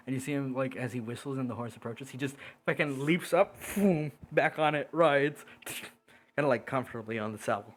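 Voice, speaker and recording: A man playing a tabletop game who describes his character's actions in an animated, joking way. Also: mid-range voice, moderate pace. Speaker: player. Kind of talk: casual chat at a tabletop game.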